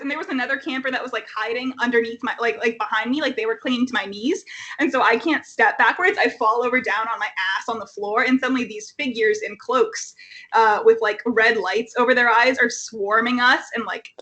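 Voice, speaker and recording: Bright-voiced young woman telling a story. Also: a little high. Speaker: person sharing a story. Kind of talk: casual storytelling. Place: home.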